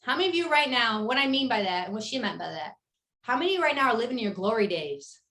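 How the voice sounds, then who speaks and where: Young woman hyping up her team, high voice, real animated and blunt. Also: fast talker. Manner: animated, emphatic, speaks candidly and directly. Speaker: network marketing team leader. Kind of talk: motivational talk to her team.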